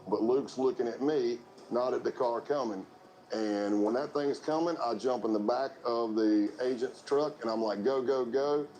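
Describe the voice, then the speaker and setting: A man recounting his past undercover work, animated and acting out the dialogue himself. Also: medium pitch, normal speed, poor audio. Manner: animated storyteller, acts out dialogue. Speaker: former undercover informant. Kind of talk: recounting events in an interview.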